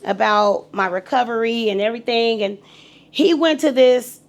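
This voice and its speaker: A middle-aged woman telling her story on a podcast in a casual, animated, profane way, acting out the voices of the people in it. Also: on the high side, moderate pace, creaky. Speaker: guest.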